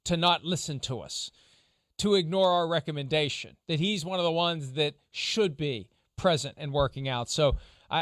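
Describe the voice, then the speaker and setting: A man hosting a sports talk show, explaining legal angles in a measured, lawyerly way. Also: fairly high pitch, smooth, no echo, clean studio sound. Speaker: show host, legal analyst.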